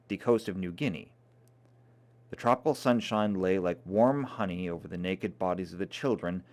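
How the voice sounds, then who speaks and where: A man reading a novel aloud in a dramatic, expressive way. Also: on the low side. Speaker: reader.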